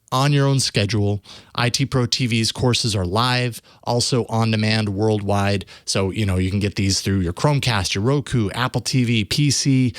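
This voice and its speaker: A man hosting a tech news show in a loose, chatty way, full of fillers and restarts. His voice sits at a middling pitch. The sound is close and dry. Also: dry recording. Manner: relaxed, conversational, with many fillers and restarts. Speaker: host. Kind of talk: podcast host reading an ad and interviewing.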